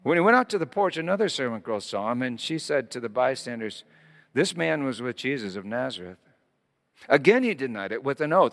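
A man preaching a sermon, reading scripture dramatically, rising loud and high in quoted lines and dropping to a hush in tender ones. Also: big pitch swings, brisk. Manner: dramatic scripture reading, swelling then hushed. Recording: long hall reverb.

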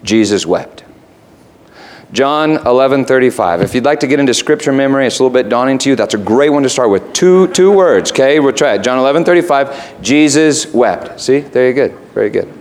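A man's voice: mid-range voice, expressive, a little fast, a little mellow, slight background noise. A man preaching a sermon in a conversational way that rises to emphatic peaks.

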